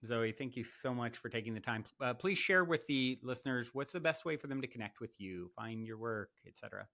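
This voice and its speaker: A male podcast host speaking softly and warmly affirming his guest. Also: medium pitch, expressive, fairly quick. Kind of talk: interview chat.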